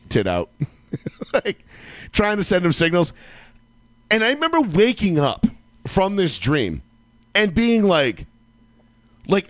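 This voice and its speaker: A man with a mid-range voice co-hosts a laid-back sports talk show, where he rambles through a long, foul-mouthed story. When he recreates his own outbursts, he breaks into yelling; the recording has no echo.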